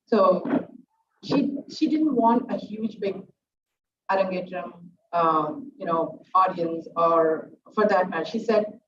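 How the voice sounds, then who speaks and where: A middle-aged dance teacher speaks earnestly at a student's recital, pausing often to collect her words. She is heard from a distance in an echoing room, with a dull, muffled sound and a faint hiss behind her. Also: lowish voice. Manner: earnest, halting, with many fillers. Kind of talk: heartfelt speech at a student's recital.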